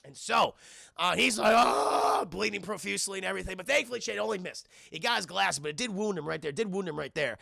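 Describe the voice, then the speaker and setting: A man's voice: high-pitched, fast, creaky, few pauses, sharp tone, dry recording, clean studio sound. A man streaming a casual, profane film recap, rambling and constantly addressing his chat.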